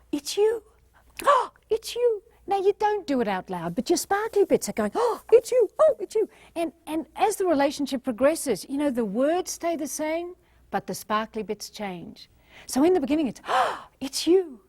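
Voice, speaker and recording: A woman's voice: fairly high pitch, a little mellow, no room sound. A woman leading a motivational workshop, talking to a live audience, playful and acting out voices with gasps. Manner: addresses and directs a live audience. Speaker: workshop trainer.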